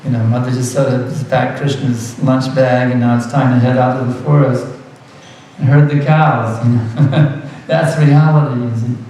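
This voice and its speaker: A man's voice: mid-range voice, level tone, moderate pace, dark tone, heavy reverb, recorded from a distance, slight background noise, poor audio. A man giving a devotional lecture as a spiritual teacher, earnest and repeating words for emphasis, with light laughs.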